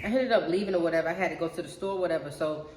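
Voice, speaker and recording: A woman's voice: on the low side, very fast, a little mellow. Chatty young woman telling a storytime. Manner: chatty, profane, keeps addressing viewers as y'all. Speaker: storyteller vlogger. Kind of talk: casual storytime monologue. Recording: roomy echo.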